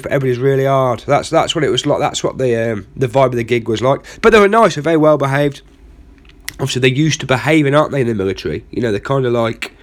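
A man hosting a comedy podcast, telling a rambling, self-mocking story full of asides. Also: medium pitch. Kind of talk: comic storytelling monologue.

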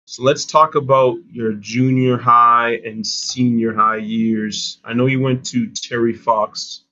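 A Canadian man serving as guest interviewer, asking relaxed, slightly hesitant questions. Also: mid-range voice, takes it slowly. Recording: dull lo-fi sound.

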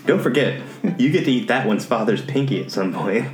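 A man's voice: medium pitch, lively intonation, a little fast, reverberant, soft background music. A man playing a tabletop role-playing game, playful and laughing often as he talks. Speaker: player.

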